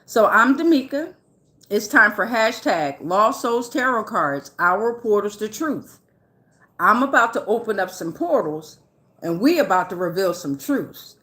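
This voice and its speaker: A woman's voice: mid-range voice, animated, measured pace, fairly bright tone. A woman giving a casual, loose and chatty tarot reading, swearing freely and often checking in with her listeners. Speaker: tarot reader.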